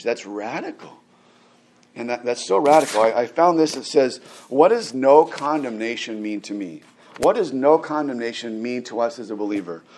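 A man in his forties delivers a sermon in an easygoing, conversational tone. He often stumbles over restarts and filler words, then lifts into louder, emphatic stretches to press a point. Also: mid-range voice. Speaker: pastor.

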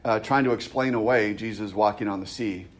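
A man's voice: fairly low pitch, brisk. A man preaching a casual, conversational sermon, often checking in with his listeners and restarting phrases. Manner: conversational, frequent "right?" asides and restarts. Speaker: pastor.

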